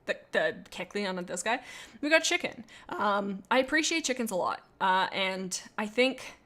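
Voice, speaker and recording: A woman's voice: medium pitch, animated, normal speed, pushed and bright. A woman streaming live in a loose, casual chat, reading out viewer comments. She talks in a playful, goofy way. Her sentences ramble and often stop short and start over with little asides. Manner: rambling and self-interrupting, with many restarts and asides.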